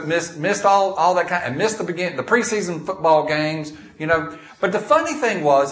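A man preaches in an echoey church, his voice sitting a little higher than most men's. He tells homespun stories between readings of King James scripture. The room's reverb hangs behind every line. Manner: folksy storytelling, reads scripture in King James wording. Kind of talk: sermon. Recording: echoey room.

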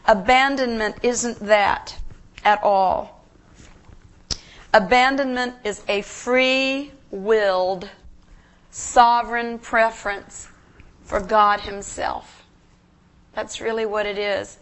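A woman guest preacher giving an emotional, earnest sermon in a church, halting and restarting as she speaks. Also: medium pitch, fairly even intonation, fairly bright tone.

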